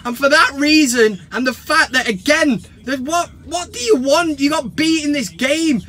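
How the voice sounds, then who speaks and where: An English man hosting a football fan vlog, talking to camera in an animated, sarcastic rant and swearing freely. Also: very high-pitched, moderate pace.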